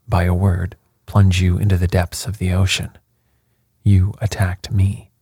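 A man doing a stern sea captain, cold and measured, deep voice, slow, husky, dry audiobook sound. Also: mellow, no echo, full character voice. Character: stern, commanding middle-aged male submarine captain.

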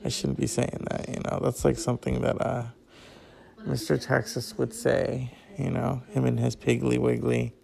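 A man's voice: mid-range voice, flat delivery, moderate pace, gravelly, a little mellow. A tired man hosting his own show, chatting in a rambling, casual way with crude asides and plenty of swearing.

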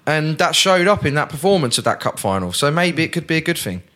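Co-host chatting about football, rambling, lively up-and-down voice. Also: male voice, fairly high pitch, quick pace. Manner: earnest, rambling, restarts often. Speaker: podcast co-host. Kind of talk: casual chat.

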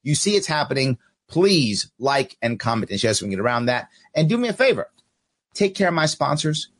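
Lively male political podcast host. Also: mid-range voice, brisk. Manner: animated, talks straight to viewers, reads out comments. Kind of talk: casual political commentary.

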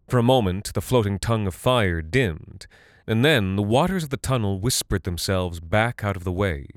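A man narrating a fantasy audiobook in a measured, deliberate way. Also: on the low side, expressive, dry recording, studio quality.

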